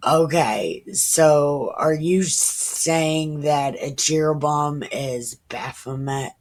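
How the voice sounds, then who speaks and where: Slow, musing woman in her thirties. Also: deep voice, a little mellow. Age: 30s. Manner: musing, irreverent, slips into whispers. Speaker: Bible reader. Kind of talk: casual Bible reading with commentary.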